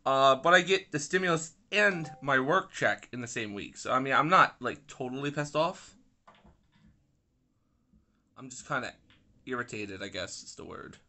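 Man, young adult, grumpy gameplay commentary, lively pitch swings, bright edge, swears a lot. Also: moderate pace, pauses often. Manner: grumpy, swearing, rambling asides. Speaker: gaming YouTuber.

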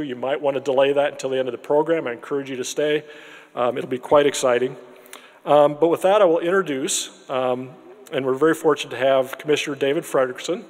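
A man hosting a university celebration, giving earnest, measured remarks with frequent restarts before introducing a guest, at a podium in a large room with an audience. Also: mid-range voice. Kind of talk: formal event remarks and speaker introduction. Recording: long hall reverb.

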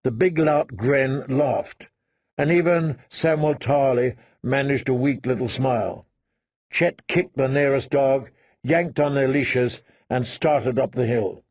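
Gravelly, slow-reading male narrator. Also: medium pitch, darkish tone, dry recording, studio quality. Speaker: audiobook narrator. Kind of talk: scripted narration.

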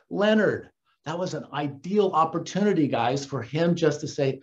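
A man working as a dating coach, giving casual, earnest advice and calling his listeners guys and gentlemen. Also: fairly high pitch, expressive, normal speed, lo-fi sound.

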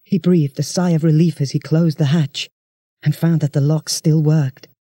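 Storybook narrator, steady and expressive, warm mellow tone, dry recording. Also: mid-range voice, moderate pace, slightly rough, no echo. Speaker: audiobook reader.

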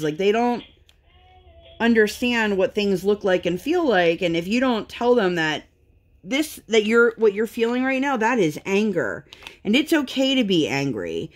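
Low-voiced woman venting about parenting. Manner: rambling, candid, frustrated venting with sighs. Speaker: vlogger and mother. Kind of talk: casual chat while crafting.

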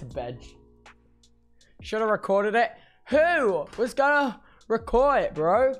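A man's voice: extremely high pitch, very animated, slow pace, pauses often. A groggy young man chats loosely on a live stream, his words a little thick after surgery. He rambles in casual slang, restarting sentences often, with faint music playing underneath. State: groggy after surgery, speech slightly impaired. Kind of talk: casual chat reading viewer messages.

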